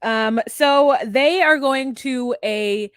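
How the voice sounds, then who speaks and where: A woman's voice: high voice, very slow, fairly bright tone, clear, resonant tone, no room sound, studio quality. A woman co-hosting a TV recap podcast, telling it in a rambling, hesitant way with giggles. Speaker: podcast co-host. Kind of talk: casual recap chat.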